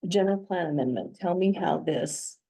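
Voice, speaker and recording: A woman's voice: on the low side, moderate pace, creaky, mellow, slightly rough. A woman leading a county work session, asking direct questions in a meeting room.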